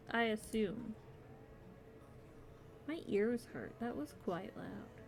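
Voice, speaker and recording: A woman's voice: a little high, expressive, takes it slowly, creaky, long pauses, a little mellow, a little hiss or hum. A woman streamer chatting casually with her viewers while crocheting, giggling often and yawning near the end of her stream.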